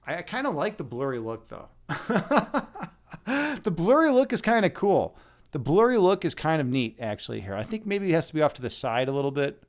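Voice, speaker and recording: Man, stream host, close mic, casual chat, slightly high voice, animated, repeats himself, playful. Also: brisk. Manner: chatty, restarts and repeats words. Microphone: close microphone.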